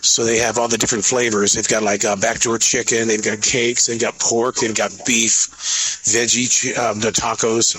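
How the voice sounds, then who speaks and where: A man's voice: medium pitch, little pitch movement, moderate pace, a bit bright. A middle-aged man hosting a casual podcast vlog, chatty and storytelling, laughing easily. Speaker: podcast host and customer service manager.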